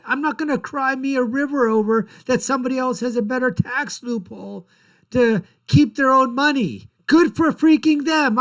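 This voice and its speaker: A man's voice: extremely high pitch, a bit bright. Blunt, sarcastic male commentary host. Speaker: political commentary show host. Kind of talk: ranting political commentary.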